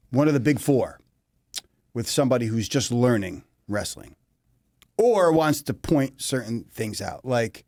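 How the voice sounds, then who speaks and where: A man's voice: medium pitch, darkish tone, no echo, studio quality. A middle-aged man co-hosting a podcast in casual chat, with crude, joking banter. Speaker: podcast co-host.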